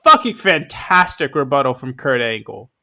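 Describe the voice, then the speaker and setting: A man co-hosting a casual podcast, enthusiastic and swearing, quick with jokes. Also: mid-range voice, big pitch swings, creaky, pushed and bright. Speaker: podcast co-host.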